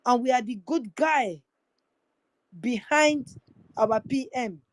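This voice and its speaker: Slow, preachy woman host. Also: fairly high pitch, dry recording, low-quality recording. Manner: preachy, repetitive, exhorting. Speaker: host of an online audio space. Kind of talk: impassioned appeal to listeners.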